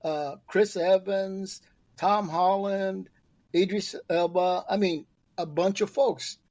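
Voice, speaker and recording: A man's voice: high-pitched, steady tone, slow, darkish tone, no room sound. A man co-hosting a casual podcast, speaking loosely with many fillers. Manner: loose, filler-heavy talk. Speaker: podcast co-host.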